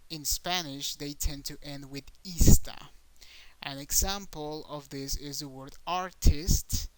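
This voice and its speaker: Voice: medium pitch, fairly even intonation, a little slow, no room sound, poor audio. A patient teacher walks through an online Spanish lesson, saying each example word twice. Syllables get stressed on purpose to show the pronunciation.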